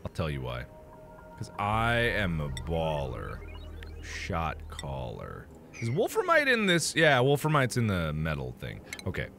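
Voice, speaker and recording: Guy doing let's play commentary, super lively pitch, bright punchy voice, goes from mumbly to yelling. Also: unhurried, vocal fry, soft background music. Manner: theatrical, swings from muttering to loud outbursts; playful, melodramatic self-talk. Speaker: gameplay commentator.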